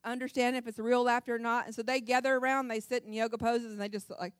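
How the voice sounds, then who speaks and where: Lively high-voiced woman preacher. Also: slight background noise. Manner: animated, laughs often, sings snippets. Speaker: speaker at a church women's session. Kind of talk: humorous devotional talk.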